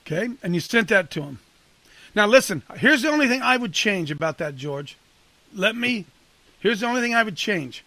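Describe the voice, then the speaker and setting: Gravelly-voiced man coaching a men's group. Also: high voice, very animated, normal speed, pushed and bright, dry recording. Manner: conversational, punchy, addresses listeners by name. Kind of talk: casual preaching to a group.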